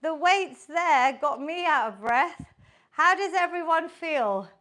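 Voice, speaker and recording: High-voiced, unhurried woman fitness instructor. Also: expressive, a bit bright. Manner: encouraging, counts reps aloud. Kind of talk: live online workout instruction.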